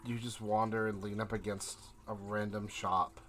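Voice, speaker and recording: A man narrating as game master in a tabletop game, painting scenes in slow, descriptive detail. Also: fairly low pitch, little pitch movement, fairly bright tone.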